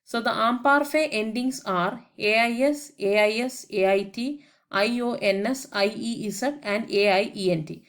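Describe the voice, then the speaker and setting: A woman's voice: on the high side, a little slow. Woman teacher spelling out words. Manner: methodical, spells words out letter by letter; explains each point with English translations. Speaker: French teacher. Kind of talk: grammar lesson voice-over.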